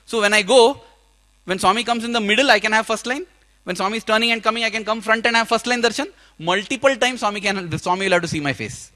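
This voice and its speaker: High, bright-voiced man telling a story. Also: fast. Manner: animated, acts out his own past prayers and dialogue; swings between loud outbursts and hushed low passages. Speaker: speaker at a youth conference. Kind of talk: personal storytelling talk. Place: conference hall.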